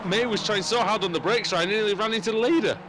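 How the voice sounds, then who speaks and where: A high-pitched man calls a sim race as lead commentator, jumping in excitedly whenever cars collide. A steady hiss of noise runs beneath his voice. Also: quick pace. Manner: excitable, rising sharply at incidents.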